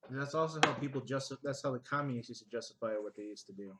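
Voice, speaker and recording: A man's voice: mid-range voice, racing, very noisy. A young man co-hosting a casual chat, tossing in dry, sarcastic quips. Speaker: co-host.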